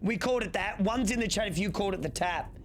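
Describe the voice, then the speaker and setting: A man's voice: sits high, fast talker. A young Australian man chatting casually to his stream chat, rambling and swearing freely. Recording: steady background noise.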